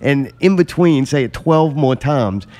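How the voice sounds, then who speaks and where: A man's voice: medium pitch, animated, unhurried, a little mellow. A man hosting a casual podcast, telling stories with plenty of swearing and laughter. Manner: profane, laughing storyteller. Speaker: podcast host. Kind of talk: casual chat.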